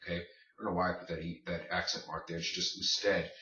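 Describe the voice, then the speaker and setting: A man's voice: sits low, little pitch movement, brisk, pushed and bright. A man teaching a Spanish grammar lesson, explaining step by step and asking his class rhetorical questions. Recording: distant, roomy, muffled.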